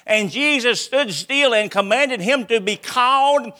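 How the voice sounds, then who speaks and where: A man preaching a sermon, swinging between loud calls and hushed lines. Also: high voice, animated, normal speed, few pauses.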